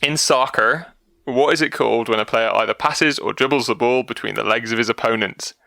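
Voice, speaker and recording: Casual podcast co-host, man, gravelly and bright, jokey, laughs a lot, dry close mic. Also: mid-range voice, fairly quick, dry recording. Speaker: podcast co-host reading a quiz.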